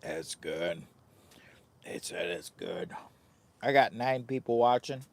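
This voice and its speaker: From inside a tent at a campsite, a man with a deep, creaky, expressive voice hosts a casual live stream of his camping trip, speaking slowly. As the channel host, he rambles and jokes with his viewers and with his dog.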